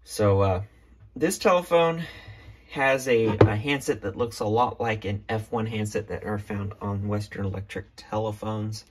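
Low-voiced man chatting about his collection. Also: unhurried, a little hiss or hum. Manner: hesitant, with many ums and restarts. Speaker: vintage telephone collector showing a phone. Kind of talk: casual show-and-tell vlog.

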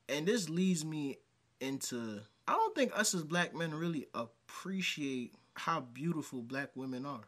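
A middle-aged man from New York giving casual, animated reaction commentary on video clips. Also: on the high side. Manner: animated, rising excitedly when ranting.

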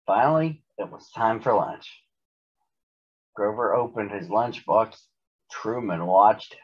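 Slow, husky man reading a storybook. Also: on the low side. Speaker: storybook reader. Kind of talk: children's storybook read-aloud. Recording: dull lo-fi recording.

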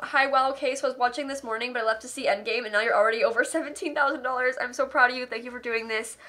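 A woman's voice: fairly high pitch, steady tone, quick pace, bright, forceful tone. A tired young woman streamer on a live charity stream, reading donation messages aloud and gushing thanks, laughing on the edge of tears. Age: young adult.

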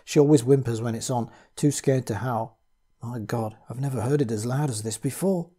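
A man's voice: mid-range voice, warm tone, breathy edge, natural voice. A man doing a jumpy, frightened family man. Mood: terrified. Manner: nervous, halting speech.

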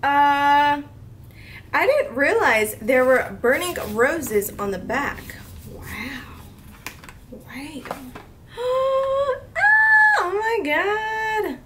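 Brief: woman in her twenties, beauty vlogger, unhurried but squealing and gushing, high lively voice. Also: recorded from a distance, slight background noise. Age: 20s. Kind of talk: excited haul unboxing.

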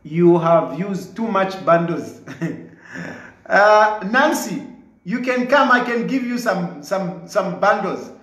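A man's voice: high voice, slow, fairly bright tone, roomy sound, rough recording. A man with a Zambian English accent, replying to viewer comments in an emphatic, combative way that keeps repeating his points.

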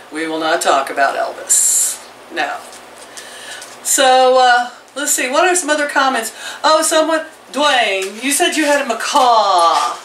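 Middle-aged lady rambling on in her home vlog, bright voice, roomy echo, kinda far off. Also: medium pitch. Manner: chatty, rambling, talks to viewers and her pets. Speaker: vlogger. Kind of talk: casual home vlog chat. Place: home, indoors and out by the chicken pen. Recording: roomy, from a distance, faint background noise.

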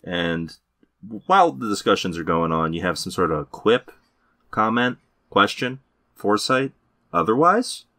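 A man's voice: fairly low pitch, sing-song, measured pace, bright, forceful tone. A man hosting a casual podcast, introducing his co-hosts with teasing jokes. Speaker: podcast host. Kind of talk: casual comedic podcast chat.

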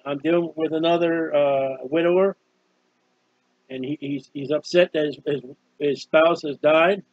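A man's voice: a little high, steady tone, a little slow, darkish tone, no room sound, highs cut off. A man preaching an informal sermon on a psalm, earnest and conversational, often repeating himself. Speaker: street preacher.

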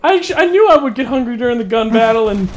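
A man's voice: very high voice, animated, quick pace, slight background noise. A man giving casual, jokey commentary while playing a western video game. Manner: playful, jokey, puts on silly voices. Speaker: let's play co-host.

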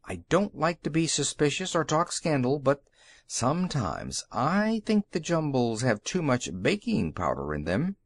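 A pompous bun gentleman, as a man puts him on for a children's storybook, fussy and gossipy with a lively, swinging pitch. Dry, close sound. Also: a little slow, dry recording, full character voice. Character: stern pompous male bread-bun townsman. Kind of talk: children's audiobook reading.

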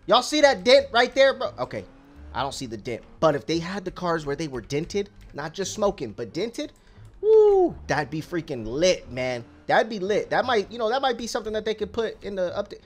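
Young man, gaming YouTuber, casual commentary, excitable, slangy, very animated pitch. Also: a little fast. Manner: excitable, slangy, rambling, yells at other drivers.

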